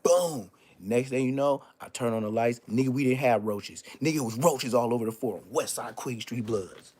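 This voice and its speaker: A man's voice: medium pitch, moderate pace, darkish tone, slightly rough. A man telling a story on a casual live stream, profane and emphatic, repeating street oaths.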